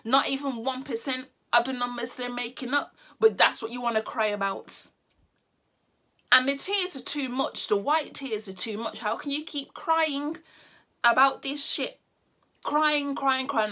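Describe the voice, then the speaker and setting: A woman's voice: a little high, pushed and bright. A woman vlogger ranting blunt and exasperated to the camera, repeating her points.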